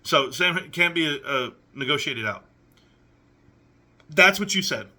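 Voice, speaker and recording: A man's voice: on the high side, lively intonation, a little slow, bright, forceful tone. A young adult man hosting a reaction commentary, reading messages aloud and picking at them with sarcastic, incredulous questions. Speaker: commentary channel host.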